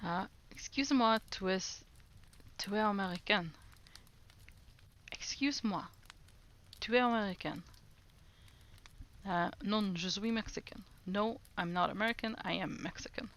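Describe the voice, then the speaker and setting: A woman's voice: mid-range voice, a little slow, pauses often, a bit bright, slight background noise. A woman streamer chatting casually while doing language lessons, repeating foreign phrases aloud and giggling often.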